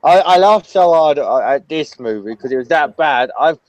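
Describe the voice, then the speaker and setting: A man's voice: a little high, lively intonation, normal speed, no room sound. A man joking and stammering in a casual group chat, often laughing. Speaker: panel guest. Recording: faint background noise.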